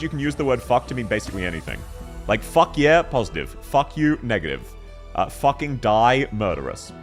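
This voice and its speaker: Young aussie guy streaming, super animated up-and-down voice, swears a ton, rambly. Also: mid-range voice. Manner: rambling, animated, swears a lot, laughs often. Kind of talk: casual live-stream chat while gaming.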